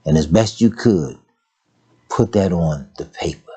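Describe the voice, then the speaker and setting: An older man preaching a folksy, humorous sermon, telling stories and swinging from low murmurs to high exclamations. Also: unhurried, warm tone, husky. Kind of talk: sermon with storytelling.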